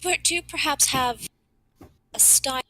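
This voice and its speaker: Bright high-voiced woman player. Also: a little slow. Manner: curious, questioning. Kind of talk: casual game chat.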